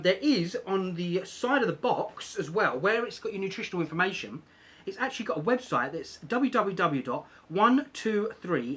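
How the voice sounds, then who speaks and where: A man's voice: high voice, a bit bright, breathy edge. A man talking casually in a vlog, chatty and self-deprecating, repeating points for emphasis. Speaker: vlogger.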